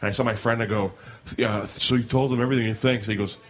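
Fast-talking man telling a story. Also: lowish voice, fairly even intonation. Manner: rambling storyteller, many restarts and laughs. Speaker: podcast co-host. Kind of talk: casual chat.

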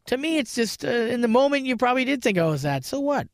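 Gravelly high-voiced man swearing freely. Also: sing-song, no echo, clean studio sound. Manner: profane, storytelling, quick to joke. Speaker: comedian podcast co-host. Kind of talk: casual podcast banter.

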